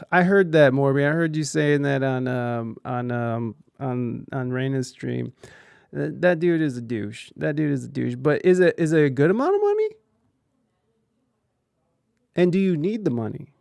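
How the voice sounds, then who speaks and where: A man's voice: medium pitch, normal speed, creaky, a little mellow, smooth, no echo, studio quality. A man streaming live, chatting casually and telling rambling, profane stories while reacting to videos.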